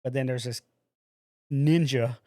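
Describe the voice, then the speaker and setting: A man's voice: mid-range voice, fairly even intonation, unhurried, mellow, dry recording, clean studio sound. A man co-hosting a podcast, telling a story animatedly and acting out the quotes in casual talk. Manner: casual, says "bro". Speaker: podcast co-host.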